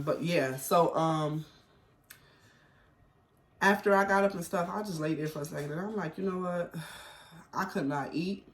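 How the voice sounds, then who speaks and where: A middle-aged man telling a personal story in a rambling, chatty way at home, heavy on slang and fillers. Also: fairly high pitch. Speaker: vlogger. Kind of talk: casual storytelling chat. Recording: roomy echo.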